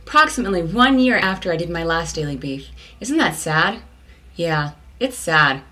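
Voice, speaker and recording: A woman from California rants through her vlog in slangy, comic bursts. Her voice swings widely in pitch and jumps to sudden high exclamations. The tone is bright and sharp. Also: moderate pace. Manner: slangy, animated storytelling with sudden high outbursts. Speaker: vlog host.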